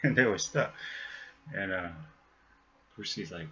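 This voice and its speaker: A man's voice: sits low, measured pace, long pauses, bright, forceful tone, slight background noise. A man telling a long joke, laughing often as he goes, recorded on a webcam with dull lo-fi sound.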